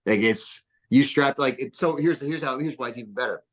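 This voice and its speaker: A man from New Jersey, a podcast guest, telling stories in a casual, rambling way with lots of fillers and bursts of excitement. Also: mid-range voice, fairly quick. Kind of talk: casual interview storytelling.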